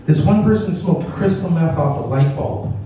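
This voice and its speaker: A Canadian man does stand-up on a comedy club stage, telling long, crude, rambling stories with loose punchlines. His voice is on the high side, warm and moderately paced. The roomy venue makes him sound distant, with slight background noise.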